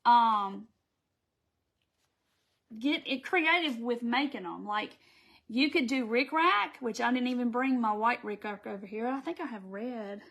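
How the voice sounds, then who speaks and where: A woman's voice: fairly high pitch, unhurried, gravelly, fairly bright tone. A woman with a Southern American accent hosting a casual live crafting tutorial, chatting and reading viewer comments aloud as she works. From Southern United States.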